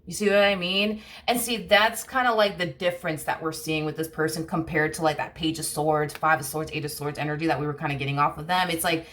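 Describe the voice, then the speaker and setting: A woman's voice: low-pitched, fairly even intonation, fairly quick, hardly any pauses, a bit bright. A woman giving a casual tarot reading, rambling and blunt, full of fillers and the odd curse word. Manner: rambling, heavy "you know" and "like" fillers, blunt swearing. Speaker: tarot reader.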